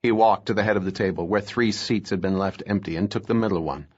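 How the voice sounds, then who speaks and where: A man narrating a thriller audiobook in a steady, measured reading voice. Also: lowish voice, muffled recording.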